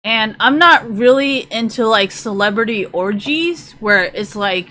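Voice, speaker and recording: A woman's voice: a little high, animated, unhurried, few pauses, sharp tone. A woman streamer ranting to her live chat, profane and rambling, sometimes drifting away from the mic as she browses.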